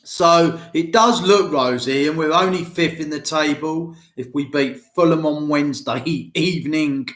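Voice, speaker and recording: Bloke rambling about football to the fans, bit of a cough, echoey room. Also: male voice, a little high, unhurried, hardly any pauses, a bit bright. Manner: rambling, chatty, addresses fans directly. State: has a cough. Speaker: football fan vlogger. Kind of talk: casual solo football chat. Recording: roomy echo.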